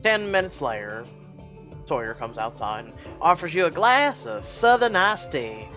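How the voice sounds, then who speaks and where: A man's voice: high-pitched, sing-song, a little slow, sharp tone, soft background music. A man reading a story game aloud and chatting in a casual, joking way. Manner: joking, casual, swears freely. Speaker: game playthrough reader and YouTuber. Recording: dull lo-fi audio.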